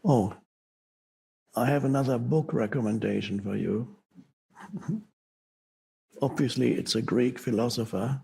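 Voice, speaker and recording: A man giving a spiritual teaching talk, speaking slowly with pauses and halting restarts. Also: medium pitch, vocal fry, dark tone, breathy edge, poor audio.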